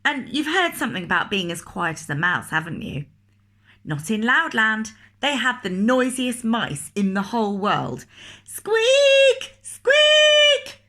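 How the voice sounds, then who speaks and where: Lively, bright-voiced woman reading a storybook. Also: mid-range voice, moderate pace, few pauses. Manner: expressive, asks the listener questions. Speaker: teacher reading a story to children. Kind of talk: picture-book read-aloud.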